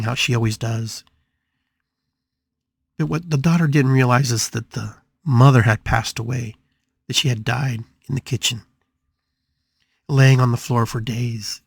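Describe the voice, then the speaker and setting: A man's voice: medium pitch, gravelly, no room sound, studio quality. A man hosting a spiritual podcast, telling a story dramatically with emphatic repetitions. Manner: dramatic, emphatic, repeats phrases for effect. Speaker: podcast host.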